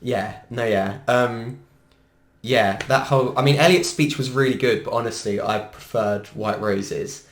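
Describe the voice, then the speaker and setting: A man's voice: medium pitch, unhurried. A man co-hosting a podcast in casual, enthusiastic chat, laughing often. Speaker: podcast co-host. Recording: echoey room.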